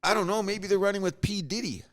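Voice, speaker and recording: A man's voice: sits high, fast talker. A man hosting a podcast, talking sports in a jokey, storytelling way. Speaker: podcast host. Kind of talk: casual sports chat.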